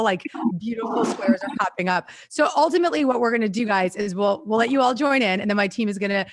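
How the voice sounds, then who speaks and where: A woman's voice: medium pitch, fast, few pauses, slight background noise. A woman in her forties hosting a spiritual advice show, teaching about surrender and then greeting her live viewers on a video call. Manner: gushing and excited when greeting viewers. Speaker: podcast host, spiritual teacher. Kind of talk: motivational talk, live stream chat. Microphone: video call recording.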